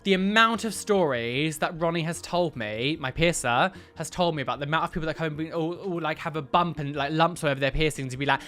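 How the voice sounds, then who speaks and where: A young man hosting a reaction video, animated and exclamatory with frequent laughs. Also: fairly high pitch, quick pace, hardly any pauses. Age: young adult. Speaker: YouTube reaction host. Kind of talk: reaction commentary.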